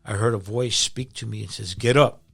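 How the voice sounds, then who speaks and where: Gravelly-voiced male pastor telling his testimony. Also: lowish voice, steady tone, a little fast, fairly bright tone. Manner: emotional, repeats words when moved. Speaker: pastor, podcast guest. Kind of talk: personal testimony in conversation.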